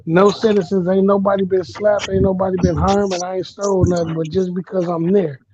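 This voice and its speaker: A man in a casual podcast chat, venting in a quick, profane, flat way. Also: high-pitched, muffled recording, noisy background.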